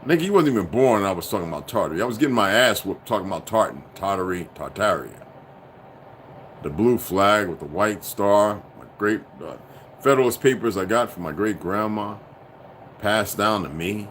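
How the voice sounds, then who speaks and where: A man's voice: lively intonation, moderate pace, slight background noise. Profane rambling man livestreaming. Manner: profane, rambling, swings from low muttering to loud outbursts. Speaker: livestream host. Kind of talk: casual livestream monologue.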